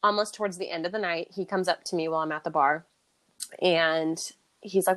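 A woman's voice: on the low side, steady tone, a little fast, a bit bright. A young woman hosting a podcast, telling a story in casual chat and acting out the quotes with big jumps in voice and laughter. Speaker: podcast host.

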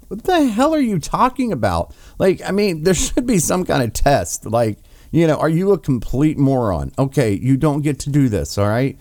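A man mocks and rants his way through courtroom footage. His voice has a lively, swooping delivery that is full of scorn, and it is recorded close and dry with no room sound at all. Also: on the high side, normal speed, no echo. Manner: mocking, profane, sarcastic. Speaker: political commentator. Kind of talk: reacting to trial clips.

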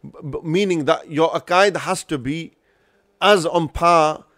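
Earnest high-voiced podcast host. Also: male voice, measured pace, a bit bright, dry recording. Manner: earnest, advisory, many restarts. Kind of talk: casual podcast discussion.

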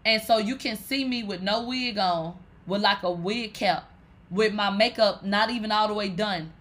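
Woman, live-stream host, casual storytelling, bright forceful voice, rambling, swears a lot. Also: medium pitch. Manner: animated, profane, swears and calls listeners "bitch" often; rambling, with many fillers like "like". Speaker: livestream host.

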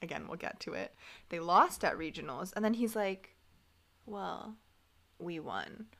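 A young woman co-hosting a casual recap podcast, sarcastic and animated, acting out quoted lines. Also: fairly low pitch, a little slow, creaky. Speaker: podcast co-host.

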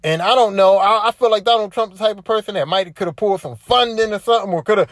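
A woman's voice: medium pitch, quick pace, dry recording. Profane, worked-up woman podcaster. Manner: profane, repetitive, worked-up commentary. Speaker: podcast host. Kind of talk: casual solo podcast rant.

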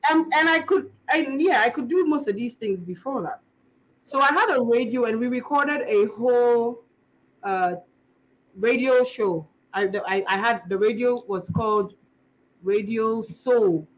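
Una mujer joven con acento inglés de Ghana que conversa de forma informal como invitada en una entrevista y cuenta anécdotas de manera animada, imitando voces. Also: female voice, on the high side, normal speed, low-quality recording. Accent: Ghanaian English. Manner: animated, acts out voices while telling stories. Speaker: guest storyteller, actress. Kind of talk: casual interview chat.

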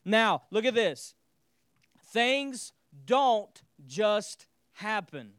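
A male pastor preaches with a high, smooth, resonant voice. He drives his sermon with call-and-response, asking listeners to repeat words and restating his points. The sound is close and dry. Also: very animated, very slow, a bit bright, no room sound.

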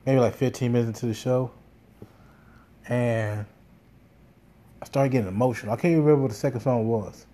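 A man's voice: mid-range voice, dark tone. A man telling a casual, rambling story, swearing often and full of fillers and restarts. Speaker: podcast host.

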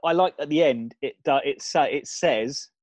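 A man co-hosting a comedy chat, rambling through an absurd film pitch with lots of ums. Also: moderate pace, darkish tone, slight background noise. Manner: rambling, builds absurd scenarios with fillers.

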